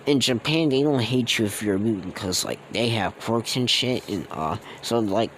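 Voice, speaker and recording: A man's voice: fairly low pitch, expressive, normal speed, a bit bright, slight background noise, poor audio. A man telling a fan-made story off the cuff, rambling and slangy, with many fillers and restarts. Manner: slangy and casual.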